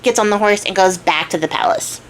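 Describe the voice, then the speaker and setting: A woman's voice: medium pitch, brisk, a little hiss or hum, low-quality recording. Chatty woman telling a folk tale. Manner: chatty, with frequent fillers. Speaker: crafting channel host. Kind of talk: casual storytelling.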